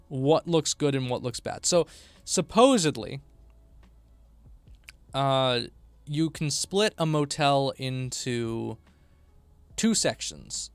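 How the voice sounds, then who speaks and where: A man's voice: mid-range voice, expressive, slow pace, pauses often, smooth, no echo. Tired man mumbling while game-streaming. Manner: tired, mumbling to himself, self-deprecating. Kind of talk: casual live-stream chat while working.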